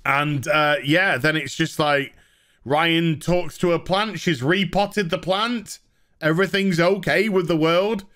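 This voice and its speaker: A man tears into a TV episode with exasperated sarcasm. His voice is bright and fairly high, and he talks in a slow, drawn-out way. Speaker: TV reviewer. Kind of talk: ranting TV review.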